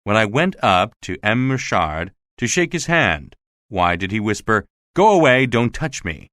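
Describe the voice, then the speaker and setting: A man's voice: lowish voice, sing-song, measured pace, fairly bright tone, no echo, clean studio sound. A man voicing an insistent, suspicious male theater official who keeps pressing questions, in a storybook reading. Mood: demanding.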